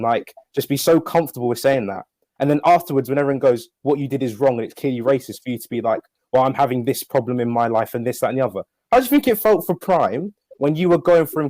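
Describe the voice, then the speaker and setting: Fast-talking nineteen-year-old man. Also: mid-range voice, a little mellow, no echo. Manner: earnest, indignant, restarts often. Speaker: panel member. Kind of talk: stream call-out.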